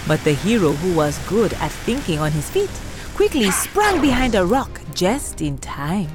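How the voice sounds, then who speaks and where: A woman narrating a children's story as host, with expressive, animated delivery. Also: on the low side, moderate pace, over music.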